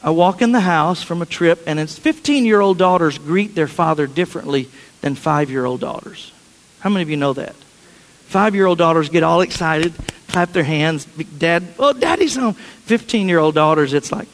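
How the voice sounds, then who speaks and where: A man's voice: on the high side, brisk, in a large hall, poor audio. A man preaching a sermon, telling a family story in a chatty, anecdotal way with frequent restarts.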